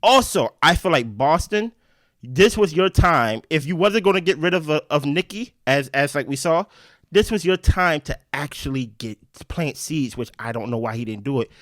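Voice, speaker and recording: Recapping a game strategy in casual conversation, a man with a fairly high voice speaks quickly and animatedly, dropping "right?" along the way. He co-hosts a podcast, and the audio is close, dry, and free of room sound.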